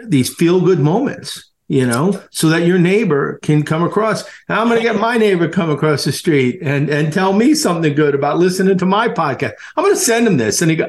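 A man's voice: a little high, expressive, brisk, hardly any pauses. A man hosting a podcast interview in a casual, effusive way, laughing often and repeating his words. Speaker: podcast host.

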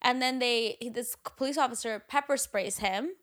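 Animated swearing woman co-host. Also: on the high side, normal speed. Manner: animated, swears often, frequent filler words. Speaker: podcast co-host. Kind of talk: casual chat.

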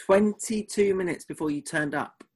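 Husky, teasing man. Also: high voice, darkish tone. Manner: teasing, quick-fire, mock-exasperated. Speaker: podcast co-host. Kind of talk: casual podcast banter.

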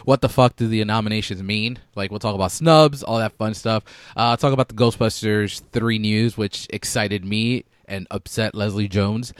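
A man's voice: lowish voice, fairly even intonation, normal speed, hardly any pauses, clear, resonant tone, no echo. A young man hosting a casual podcast, loose and joking, swearing freely. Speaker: podcast host.

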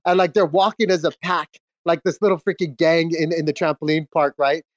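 A man in his thirties, nursing a cold, hosts a casual chat on a live audio space, spinning a rambling story full of restarts and laughter. His voice sits a little high with a steady tone, he talks a little fast, and there's no room sound.

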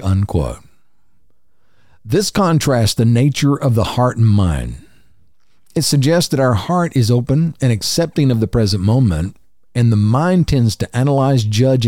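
Calm male podcast host reading quotes. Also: mid-range voice, no room sound, clean studio sound.

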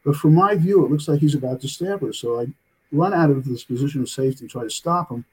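A man's voice: fairly high pitch, fast talker, husky, rough recording. An older man telling a long story as an interview guest, rambling and tagging his sentences with "okay?". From United States.

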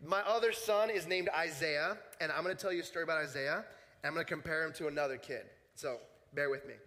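A young adults pastor in his thirties preaches casually to a church group, telling personal stories and acting out the voices in quotes. His voice is fairly high, sharp and fast, and the church hall gives it a long reverb.

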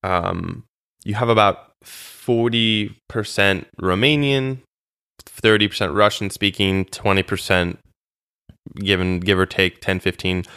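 Low, smooth-voiced man telling stories. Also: no echo, clean studio sound. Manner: chatty, animated storytelling with frequent fillers and restarts. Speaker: interview guest, former volunteer. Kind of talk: casual conversational interview.

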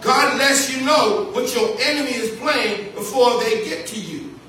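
A pastor preaches in a church sanctuary, his very high, sharp-toned voice moving a little slowly as he repeats key phrases and calls to the congregation. Captured from a distance, the audio has the echo of the church hall and faint noise.

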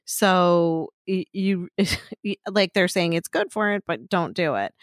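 Middle-aged female podcast co-host, chatty and rambling, slightly low voice, dry recording. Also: takes it slowly, no room sound. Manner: chatty storyteller, frequent "like" and restarts. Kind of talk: casual chat.

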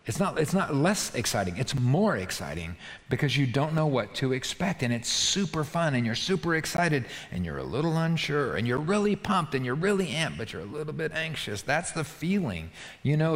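Animated preacher man in a big hall. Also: mid-range voice. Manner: animated, conversational, frequent "right?" asides. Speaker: pastor. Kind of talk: sermon.

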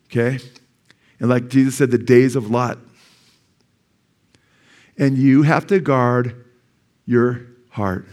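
A man's voice: medium pitch, fairly even intonation, slow pace, long pauses, darkish tone. Middle-aged guy pastor giving a sermon in church, talks casual, keeps asking the crowd stuff. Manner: conversational preaching, asks the congregation questions.

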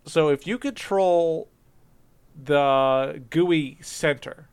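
A man's voice: fairly high pitch, very slow, clear, resonant tone. A man in casual chat, rambling through ideas with many fillers and restarts, laughing often. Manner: laughs often, animated when joking.

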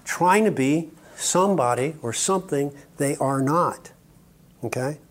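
A man's voice: a little high, measured pace. An older man giving a sermon-style teaching talk at a conference, speaking emphatically, with joking asides and frequent "okay?" checks to his audience.

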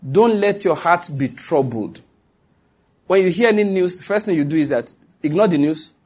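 A man's voice: high-pitched, expressive, normal speed, a little mellow, slightly rough. A man preaching a sermon to his congregation, emphatic and repetitive, often turning to check that his listeners follow him.

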